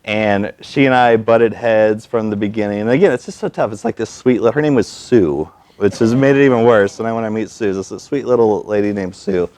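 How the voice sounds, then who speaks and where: A man at a storytelling event, telling a personal story in an animated, self-mocking way and acting out the people he quotes. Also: on the low side, fairly quick, few pauses.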